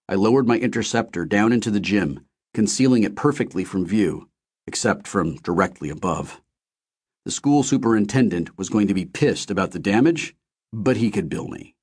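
A man with a fairly low voice narrates a novel in the first person. His reading is steady and measured, an audiobook storyteller.

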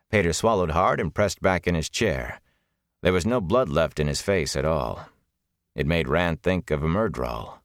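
A man narrating a fantasy novel as an audiobook, measured and expressive. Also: low-pitched, dry recording, clean studio sound.

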